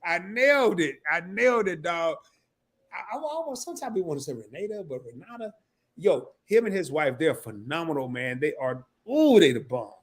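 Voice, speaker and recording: A man's voice: fairly high pitch, very animated, normal speed. A man hosting a casual live stream, talking loosely, repeating himself and breaking into laughter.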